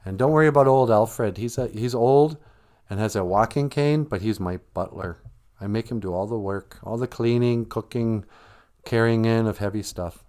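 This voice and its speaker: A man's voice: fairly low pitch, normal speed, warm tone, natural voice. A man voicing a smug, self-pitying rich hero who brags and keeps bringing up his own loss, in a comic spoken retelling. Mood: boastful. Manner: boastful, oblivious, talks up his own sad past.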